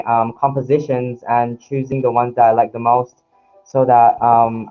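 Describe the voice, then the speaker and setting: A man teaches lettering over a live online workshop, speaking at a mid pitch. He talks in a friendly way but keeps hesitating, restarting his sentences and filling gaps with ums. The sound is muffled and lo-fi, with quiet music behind him. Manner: hesitant, with many fillers and restarts; friendly, addresses viewers directly. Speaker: calligraphy instructor.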